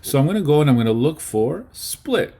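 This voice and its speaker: A man's voice: on the high side, very animated, fairly quick, creaky, mellow. A man teaching a casual lesson on video editing, chatty and often checking in with his students. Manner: chatty, checks in with okay and right.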